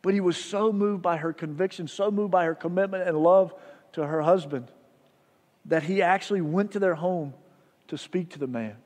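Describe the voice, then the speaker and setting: A male pastor preaching a sermon, telling a story with soft, hushed passages and loud rises. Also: high voice, normal speed. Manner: storytelling, dropping soft for drama and rising loud. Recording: long hall reverb.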